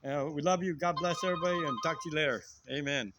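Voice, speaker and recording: A man co-hosting a channel, telling a story in casual chat, excitable and full of restarts, shouting sound effects. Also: fairly high pitch, fast talker, noisy background. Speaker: co-host.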